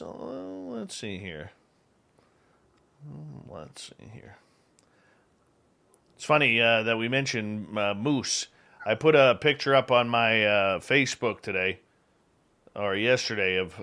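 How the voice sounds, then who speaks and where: A man's voice: mid-range voice, a bit bright. A man hosting a radio show, chatting casually and reading a live ad in a joking, rambling way. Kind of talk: casual chat and live ad read.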